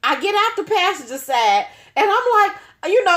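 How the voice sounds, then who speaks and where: A woman spins a casual story for her channel. Her talk is lively and slangy, full of swearing. Her voice sits high and swings widely. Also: quick pace, hardly any pauses. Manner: animated, profane, slangy. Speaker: nail artist, channel host.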